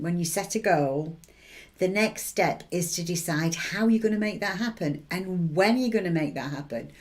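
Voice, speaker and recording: Encouraging woman, lowish voice. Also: darkish tone. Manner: chatty, encouraging, keeps checking in with tag questions. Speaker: intuitive reader and advice giver. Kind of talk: motivational advice talk to camera.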